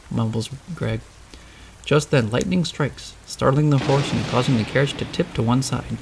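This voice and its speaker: Gravelly male storybook narrator. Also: mid-range voice, moderate pace. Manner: steady, descriptive reading.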